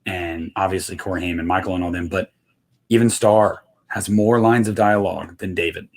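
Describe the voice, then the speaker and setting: A man's voice: sits low, fairly even intonation, moderate pace. A man talking casually on a podcast in a laid-back, thoughtful way. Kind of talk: casual chat.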